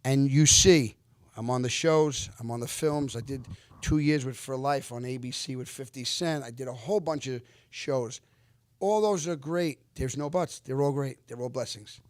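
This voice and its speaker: A man in his fifties, an actor guest on an interview show, telling stories in an animated, earnest way. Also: mid-range voice, measured pace, no room sound. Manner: animated, lively retelling with acted-out quotes; earnest, reflective when giving life lessons. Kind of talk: casual storytelling interview.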